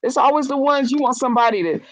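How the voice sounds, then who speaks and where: A woman's voice: sits high, fast, dry recording, rough recording. A woman in casual chat, telling stories bluntly and animatedly with frank, salty language.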